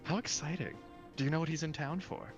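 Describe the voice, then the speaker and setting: A man's voice: a little high, a little fast, highs cut off, over music, pitched above the performer's own voice, close to an everyday voice. A man voicing a male adventurer in a live tabletop game, asking friendly questions in character. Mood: curious.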